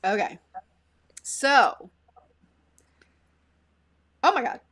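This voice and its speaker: A woman's voice: a little high, very animated, extremely slow, fairly bright tone. A woman co-hosting a live stream in casual chat, giggling often and reading out viewer comments. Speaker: co-host.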